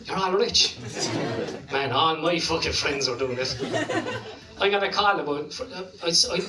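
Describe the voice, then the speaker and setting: A man's voice: fairly high pitch, moderate pace, roomy sound, far from the mic, a crowd in the background, poor audio. A man with a Limerick Irish accent doing a stand-up comedy set, rambling through sweary stories full of "like" and "you know". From Ireland. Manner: profane, rambling storytelling with lots of "like". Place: comedy club stage.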